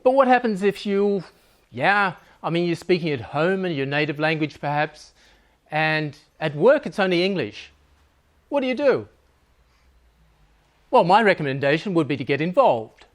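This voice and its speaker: A man giving a humorous talk to a live audience, joking and conversational, laughing at his own lines. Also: a little high.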